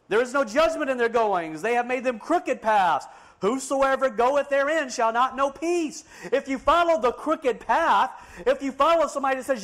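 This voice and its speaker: A man with a high, ringing voice preaches a fiery sermon. He swings from loud, emphatic declarations down to hushed asides. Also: normal speed, hardly any pauses.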